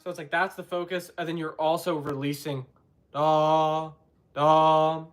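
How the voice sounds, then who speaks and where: A man's voice: fairly high pitch, fairly even intonation, fast, soft background music. A young man answering trumpet questions on a live stream, in a rambling, self-deprecating way, singing syllables to show his points.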